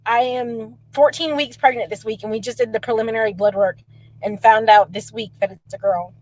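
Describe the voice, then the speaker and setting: Giggly high-voiced young woman. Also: fairly even intonation, a little fast, poor audio. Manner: soft, giggly. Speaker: client.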